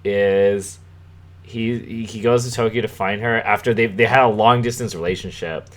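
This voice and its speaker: A man's voice: fairly low pitch, steady tone, normal speed. A young man hosting a podcast, rambling and swearing through a story in casual chat, with frequent chuckles. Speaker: podcast host.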